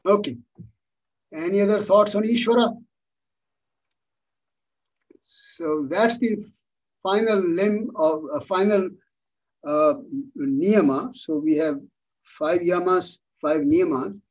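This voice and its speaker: Husky-voiced man teaching an online class. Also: high voice, takes it slowly, pauses often, distant mic, highs cut off. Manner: patient, repeats words for emphasis. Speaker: yoga philosophy teacher.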